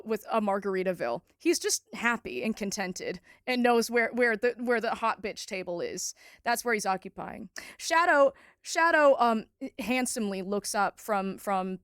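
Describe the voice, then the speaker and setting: A woman's voice: mid-range voice, animated, normal speed, fairly bright tone, no echo, studio quality. A young woman in a playful, rambling way, narrating as dungeon master of a tabletop game.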